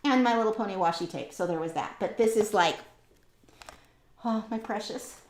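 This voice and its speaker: A woman's voice: medium pitch, lively intonation, fast. A woman hosting a casual art livestream, rambling chattily and reading out viewer comments. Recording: roomy echoey room.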